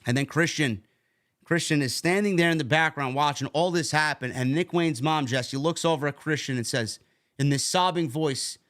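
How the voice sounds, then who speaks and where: A man's voice: a little high, normal speed, a bit bright. A man casually recapping a wrestling show, rambling and repeating words as he talks. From New York.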